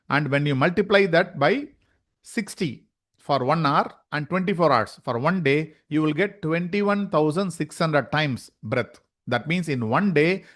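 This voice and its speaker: A man, teaching yoga in an online lecture and asking rhetorical questions as he explains. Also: a little high.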